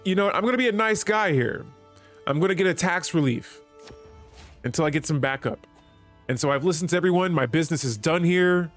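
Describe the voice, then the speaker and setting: A man's voice: fairly high pitch, expressive, a little fast, soft background music. A man streaming a strategy game, chatting with viewers and reading the in-game text aloud. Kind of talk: live gameplay commentary.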